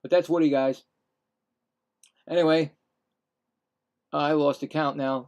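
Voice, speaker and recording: A man's voice: on the high side, steady tone, slow, pauses often, darkish tone, clear, resonant tone, highs cut off. A middle-aged man giving casual live baseball play-by-play, rambling and correcting himself with chatty asides. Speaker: play-by-play streamer.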